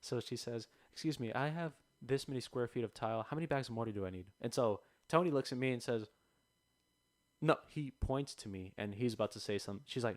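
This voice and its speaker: A man's voice: medium pitch, fast, no room sound. A young man chatting casually on a podcast, telling a story and acting out the customers in it. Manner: animated storytelling, acts out customers. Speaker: podcast co-host. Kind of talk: casual chat. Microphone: close podcast mic.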